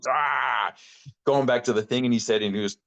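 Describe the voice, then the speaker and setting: A middle-aged man with an Australian accent, a podcast guest telling hunting stories in a laid-back, animated way, slipping into the voices of his mates. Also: medium pitch, moderate pace, gravelly. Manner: animated yarn-spinning, acts out quotes, laid-back slang. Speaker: podcast guest, bowhunting club chairman. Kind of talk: casual storytelling interview.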